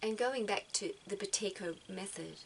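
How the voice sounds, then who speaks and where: A woman speaks gently and reflectively, often repeating words as she gathers her thoughts. Her voice sits in an ordinary middle pitch. A faint noise stays in the background. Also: normal speed, vocal fry, poor audio. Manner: soft-spoken, repeats words as she thinks. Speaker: spiritual vlogger giving advice.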